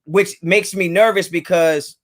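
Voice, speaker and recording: A man's voice: sits high, steady tone, a little slow. A man hosting a casual livestream from home, talking in laid-back slang and greeting chatters by name. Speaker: livestream host. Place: home, kids in another room.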